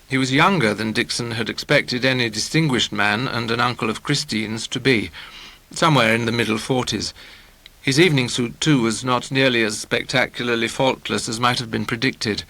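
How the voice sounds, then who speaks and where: Gravelly man reading a novel. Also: mid-range voice, moderate pace, pushed and bright, no echo, poor audio. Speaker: audiobook narrator. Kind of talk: scripted narration of a novel.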